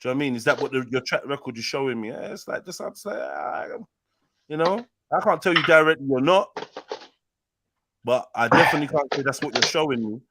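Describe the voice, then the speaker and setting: A man's voice: medium pitch, lively intonation, quick pace, noisy background. A man hosting a live panel, arguing heatedly, talking over the other caller and repeating himself. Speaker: live show host.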